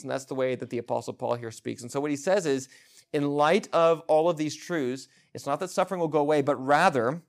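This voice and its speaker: A man preaching an expository sermon in an earnest, emphatic way, with frequent restarts and fillers. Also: mid-range voice.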